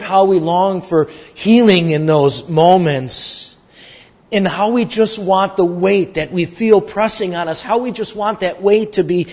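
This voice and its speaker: A male preacher giving an earnest, measured sermon and telling a story, with lots of repetition. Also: on the high side, a little mellow. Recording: dull lo-fi recording.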